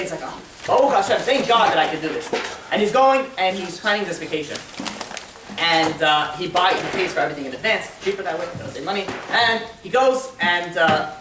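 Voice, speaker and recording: A man, a rabbi, telling a story in a Torah class and acting out its characters with lively voices. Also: fairly high pitch. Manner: animated, acts out characters in a story. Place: community center classroom. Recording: echoey room, distant mic, background noise.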